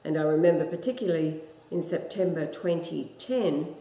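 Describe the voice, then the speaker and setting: Low, mellow-voiced female co-host, measured and calm, with roomy echo. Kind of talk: casual chat.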